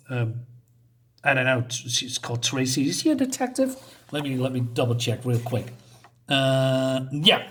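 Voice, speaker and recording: A man's voice: on the high side, a bit bright. A man casually talking through a comic book issue, hesitant and full of ums and uhs, often correcting himself.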